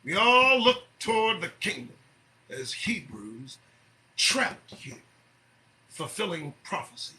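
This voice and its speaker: A man hosting an early-morning commentary show, preaching and swearing as he swings from shouting to low muttering. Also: big pitch swings, moderate pace, a little hiss or hum, poor audio.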